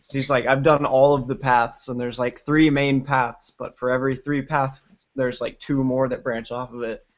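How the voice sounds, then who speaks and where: A man with a stuffed-up, congested voice talks at an ordinary pitch, rambling through stories and swearing freely. The audio comes through slightly dull and muffled, as on a home stream. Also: level tone, moderate pace. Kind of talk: casual chat on a livestream.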